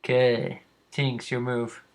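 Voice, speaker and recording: A man running a tabletop game as game master, describing the scene in an unhurried way with frequent ums. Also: medium pitch, monotone, background noise.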